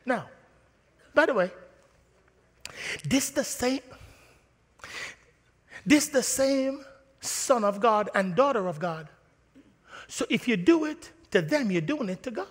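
A man preaching a sermon in a church, animated and playful, acting out little scenes. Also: extremely high pitch, slow, pauses often. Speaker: pastor. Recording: long reverb of a church hall.

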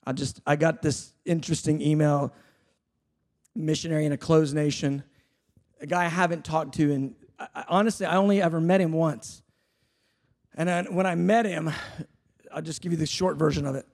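High, gravelly impassioned male preacher. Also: fairly even intonation, normal speed, pauses often. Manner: impassioned, swings from shouting to hushed storytelling; conversational, self-deprecating anecdotes. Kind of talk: sermon.

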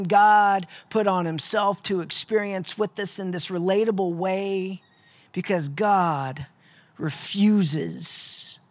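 Brief: male preacher, sermon delivery, unhurried, slightly high voice, rhetorical questions. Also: no room sound. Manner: rhetorical questions, dramatic pauses, dips to a hushed voice.

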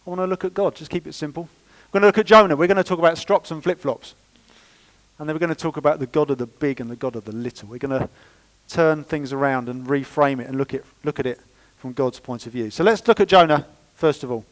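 A man delivers a sermon in church with a fairly high voice. He preaches in a lively, chatty way and drops playful asides to the congregation. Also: quick pace, rough recording. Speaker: pastor.

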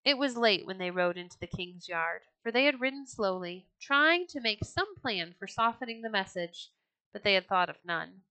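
A woman storyteller giving scripted storybook narration in a clear, steady reading voice. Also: mid-range voice, normal speed, dry recording, low-quality recording.

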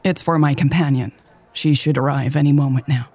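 A woman reading the part of a relaxed, good-humored woman who likes to tease. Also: low voice, fairly quick, slightly rough. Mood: amused. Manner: easygoing, teasing.

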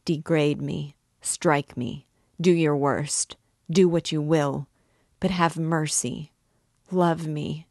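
A woman's voice: low voice, steady tone, takes it slowly, no room sound, clean studio sound. A woman voicing an obsessed older male priest in a storybook reading, pleading with passion. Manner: pleading, impassioned.

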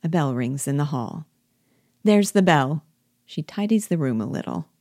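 A woman reading a play aloud as audiobook reader, speaking the stage directions in an even, measured way. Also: a bass voice, no room sound, clean studio sound.

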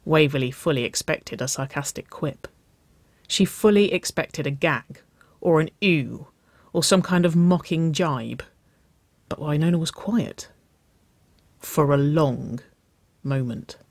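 Soft even storyteller reading an audiobook, mid pitch, dry close mic. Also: takes it slowly, no echo. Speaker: narrator. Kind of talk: audiobook reading of fan fiction.

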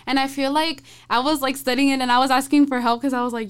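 Young woman, hesitant sharer, higher voice, smooth and clear, giggles often. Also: steady tone, brisk, few pauses. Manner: hesitant, giggly, lots of fillers. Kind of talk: casual faith discussion.

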